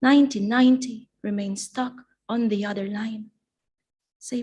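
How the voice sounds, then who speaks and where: A woman poet reads her work aloud at a live event. She takes her time, letting each line settle in a slow, deliberate recitation, her voice sitting in an ordinary middle register. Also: medium pitch, fairly even intonation, darkish tone, slight background noise. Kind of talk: live poetry reading.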